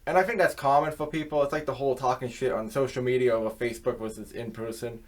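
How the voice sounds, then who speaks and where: A man's voice: mid-range voice, steady tone, fast. A man hosting his own channel, delivering a rambling, profane casual rant filled with fillers. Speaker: channel host.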